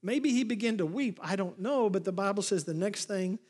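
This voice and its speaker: A man speaks as pastor in a sermon, acting out the people's lines as he tells a Bible story with animated flair. His voice is high and fairly quick, and a long hall reverb surrounds it.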